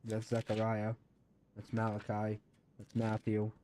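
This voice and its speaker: Male streamer, casual gaming chat, mellow and rambling. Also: mid-range voice, lively intonation, moderate pace, a little hiss or hum. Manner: rambling, thinking aloud.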